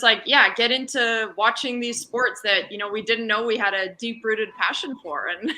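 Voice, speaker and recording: A woman, a retired curler, relaxed and giggly as a guest. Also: mid-range voice, a little hiss or hum, rough recording. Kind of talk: casual video interview.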